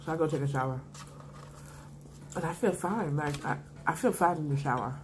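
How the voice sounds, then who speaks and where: Low-voiced young woman telling a story. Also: normal speed, slight background noise. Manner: animated, slangy storytelling with laughs. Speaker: mukbang vlogger. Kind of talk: casual storytime while eating.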